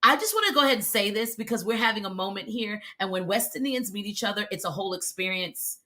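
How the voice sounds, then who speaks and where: An emphatic American woman in her forties coaches viewers on a live stream and answers their comments as she goes. Her pitch swings widely and her tone is bright and forward. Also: expressive, fast. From United States. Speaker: video visibility coach.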